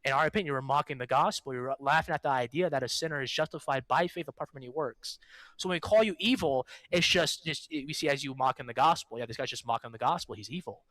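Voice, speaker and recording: A man's voice: mid-range voice, fast, fairly bright tone, dry recording. A man preacher in a debate, firmly explaining scripture point by point. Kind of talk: theological debate.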